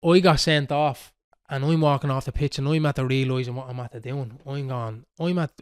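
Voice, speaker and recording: A man in his thirties with a Dublin Irish accent, telling a football story in casual chat on a podcast, animated and swearing freely. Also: medium pitch, fairly quick, smooth. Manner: animated, swearing, quoting others. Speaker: podcast host.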